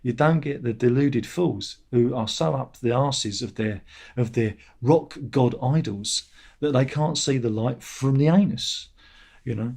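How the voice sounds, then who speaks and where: A man's voice: unhurried, vocal fry, darkish tone. Grumbling sardonic man. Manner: sardonic, grumbling, mocks commenters in a high whiny voice. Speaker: channel host. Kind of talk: casual livestream chat.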